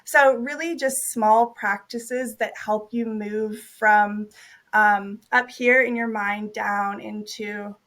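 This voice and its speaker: Calm, measured woman birth worker. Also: medium pitch. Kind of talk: interview answers.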